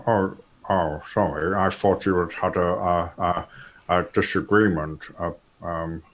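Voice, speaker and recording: A man voicing a prim, nervous gentleman who stammers through polite requests. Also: low voice, fairly even intonation, takes it slowly, slight background noise, heavily acted. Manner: hesitant, stammering, overly polite.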